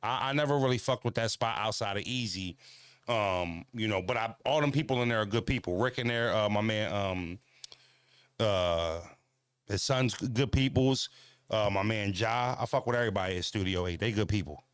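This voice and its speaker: A man's voice: on the low side, moderate pace, smooth, no room sound, clean studio sound. A man hosting a casual walking livestream, talking bluntly and profanely, rambling with lots of fillers and answering viewers' comments. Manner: talks back to viewer comments. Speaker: channel host.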